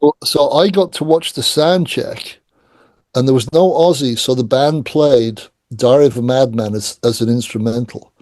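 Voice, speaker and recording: Middle-aged male guest, animated raconteur, dark mellow tone, dry sound. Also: mid-range voice, moderate pace, no room sound. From England. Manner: animated anecdotes, acts out quoted voices. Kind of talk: casual storytelling interview.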